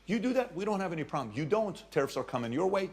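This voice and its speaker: A man explaining economics through a salesman's hypothetical, animated and persuasive. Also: high-pitched, very fast.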